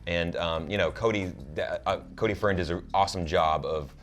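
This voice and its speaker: A young man co-hosting a casual TV recap, talking in an animated way with many fillers and restarts. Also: low-pitched, normal speed. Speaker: show co-host.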